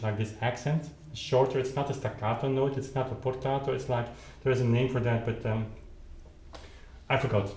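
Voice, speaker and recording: A man's voice: mid-range voice, normal speed, a little mellow, faint music behind. Man teaching at the keyboard, roomy sound. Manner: thinks aloud, restarts, sings rhythms with syllables. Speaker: piano teacher. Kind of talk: demonstrating at the keyboard, explaining. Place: room with a keyboard instrument. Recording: roomy sound, instrument playing between phrases.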